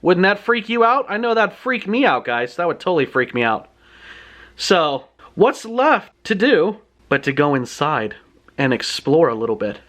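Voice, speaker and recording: A man retelling a book's plot in his own words, in a chatty, animated storytelling manner. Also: fairly high pitch, normal speed. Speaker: book reviewer.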